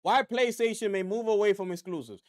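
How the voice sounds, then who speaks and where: A man's voice: high-pitched, a little fast. A man hosting a gaming news livestream, talking casually and straight to viewers, repeating himself for emphasis. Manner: animated, repetitive, talks straight to viewers.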